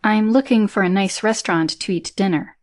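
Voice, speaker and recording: Brief: female narrator doing a courteous young woman reporter, higher and lighter than the narration. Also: brisk, a little mellow, natural voice. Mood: polite. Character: young Chinese woman journalist, polite. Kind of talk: audiobook character reading.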